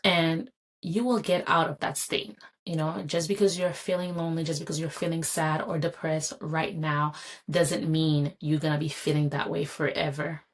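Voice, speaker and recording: A woman's voice: low-pitched, little pitch movement, normal speed. A woman hosting a solo podcast, talking earnestly and encouragingly, often repeating phrases for emphasis. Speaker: podcast host. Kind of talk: solo motivational podcast talk.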